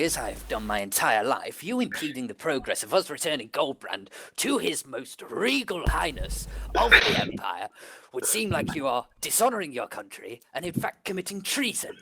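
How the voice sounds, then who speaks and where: Man voicing old captain, pompous, blustering, very animated pitch, noisy recording. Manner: haughty, formal, blustering.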